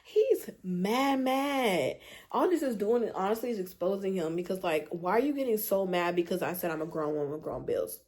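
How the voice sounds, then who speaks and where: A young adult woman telling a storytime vlog in an animated, slangy, exasperated way. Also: medium pitch, moderate pace. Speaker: vlogger.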